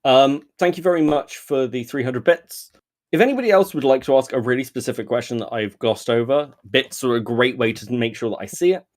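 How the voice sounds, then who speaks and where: A British man hosting a casual livestream, talking fast and swearing often, exasperated and pleading at times. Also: medium pitch, a little mellow. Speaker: streamer host.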